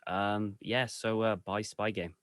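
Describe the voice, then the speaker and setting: A man's voice: lowish voice, steady tone, takes it slowly, fairly bright tone, no echo, clean studio sound. A man chatting casually and hesitantly about himself after a tabletop game session. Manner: hesitant, self-deprecating, lots of fillers. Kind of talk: casual chat.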